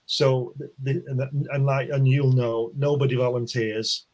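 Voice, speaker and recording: A man's voice: mid-range voice, level tone, unhurried, a little mellow. A man casually telling a long war anecdote on an online stream, rambling with restarts and chuckles. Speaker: comic artist guest. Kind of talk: casual storytelling chat. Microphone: online stream call.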